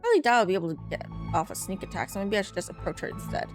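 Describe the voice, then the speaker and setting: A woman's voice: mid-range voice, big pitch swings, racing, soft background music. A woman playing a story game, reading the narration aloud and breaking off to curse and scold herself. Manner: exclaims at jump scares.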